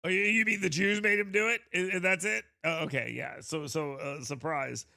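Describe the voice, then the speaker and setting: Sarcastic gravelly-voiced male host. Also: a little high, fairly even intonation, moderate pace, bright, forceful tone, dry recording, clean studio sound. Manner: sarcastic, scoffing. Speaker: radio host. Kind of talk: mocking commentary over clips.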